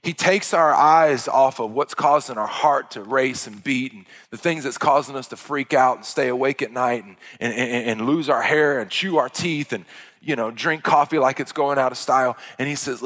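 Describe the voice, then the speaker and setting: A man's voice: medium pitch, moderate pace, fairly bright tone, in a large hall. A man preaching a sermon in an earnest, emphatic way, stressing points through repetition.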